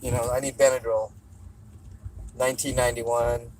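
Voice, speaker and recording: A man's voice: medium pitch, little pitch movement, normal speed, a little mellow, slight background noise, low-quality recording. A man hosting a casual livestream, joking around and reading viewer comments aloud while chewing gum. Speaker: livestream host.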